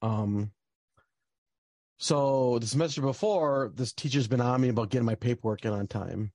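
A man's voice: mid-range voice, normal speed, a little mellow, dry recording. A young man telling a personal story in a casual, rambling way, with lots of fillers and bursts of frustration. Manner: rambling, many fillers, gets heated and swears.

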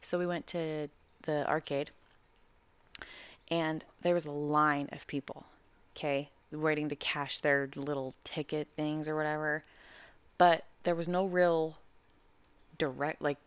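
A young adult pregnant woman co-hosting a podcast, telling an animated, profane story and acting out the quotes. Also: low voice, unhurried, long pauses, clear, resonant tone, no room sound. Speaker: podcast co-host. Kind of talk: casual storytelling chat.

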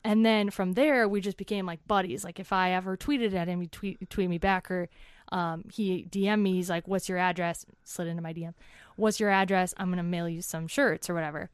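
A woman's voice: fairly low pitch, fairly even intonation, brisk, clear, resonant tone, no echo, studio quality. A woman in her twenties, an interview guest, animatedly telling a chatty story and acting out what people said.

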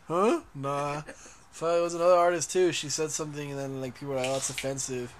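A man's voice: a little high, steady tone, fast talker, a little hiss or hum. A young man co-hosting a podcast in casual, profane chat, laughing a lot and often restarting his sentences. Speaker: podcast co-host.

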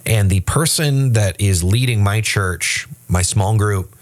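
A man's voice: lowish voice, slow pace. A man co-hosting a casual faith podcast, talking loosely with restarts and acting out quoted voices. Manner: animated, acts out quoted voices; frequent restarts and fillers. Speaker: podcast co-host.

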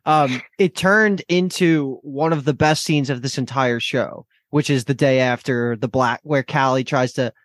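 A man's voice: medium pitch, measured pace, few pauses, dry recording, studio quality. A man co-hosting a casual TV recap podcast, talking enthusiastically about favourite scenes. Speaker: podcast co-host.

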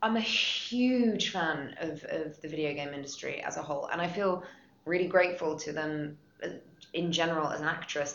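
A voice actress appears as a podcast guest, gushing with enthusiasm and repeating her words. Her low voice is a bit bright, with a little hiss or hum, recorded in an echoey room with dull lo-fi sound.

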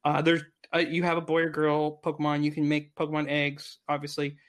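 A man in his thirties with a slightly higher voice, chatting on a gaming podcast. He talks with eager enthusiasm, rambling and restarting his sentences as his ideas tumble out. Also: monotone, fairly quick, fairly bright tone. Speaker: podcast co-host. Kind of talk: casual gaming podcast chat.

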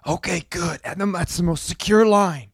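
Brief: middle-aged man, hushed spy-talk urgency, dry close sound played by a man. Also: sits high, moderate pace, breathy edge, dry recording. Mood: urgent. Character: secretive middle-aged male actor, ex-husband, spy-obsessed.

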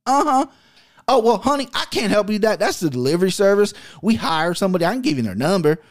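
Drawling country shop clerk, high and folksy, all "uh-huh" and "honey" , as a man puts her on. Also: very animated, fast. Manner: repeats uh-huh, calls caller honey. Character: drawling Southern-country woman store clerk, sweet.

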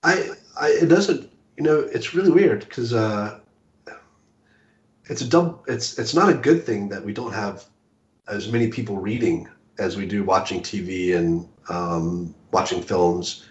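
A male author talking casually as an interview guest, halting with many restarts and fillers. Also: lowish voice. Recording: echoey room, dull lo-fi audio.

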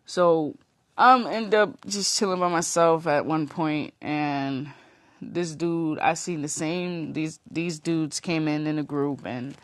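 A woman's voice: sits low, no room sound. A woman vlogger telling a rambling storytime, casual and profane, full of fillers.

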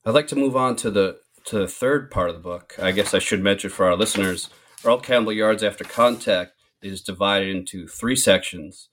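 A man hosting an interview, asking measured questions and framing each one at length for his listeners. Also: lowish voice, a bit bright, a little hiss or hum. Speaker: interviewer host.

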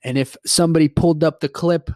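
A man in his twenties hosting a podcast, telling a story in a rambling, profane, animated way. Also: fairly high pitch, fast, no echo, studio quality. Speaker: podcast host. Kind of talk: casual storytelling monologue.

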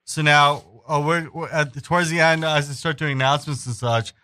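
A man hosts a community radio interview and reads station announcements. His voice is bright, and he talks in a relaxed, halting way with many ums and restarts. The sound is dry and close. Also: fairly high pitch, no room sound. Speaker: radio show host.

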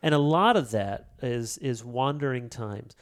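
A man's voice: mid-range voice, measured pace. A middle-aged man, a pastor and author, speaking earnestly as an interview guest and acting out quotes as he tells stories. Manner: earnest, animated storytelling with acted-out quotes. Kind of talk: casual interview conversation.

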